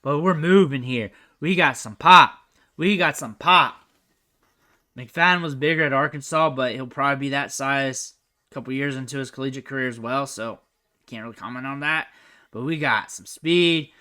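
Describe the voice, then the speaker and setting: A young man giving casual, chatty commentary over football highlight film, thinking aloud and trailing off quietly at the ends of his sentences. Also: normal speed. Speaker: recruiting analyst host.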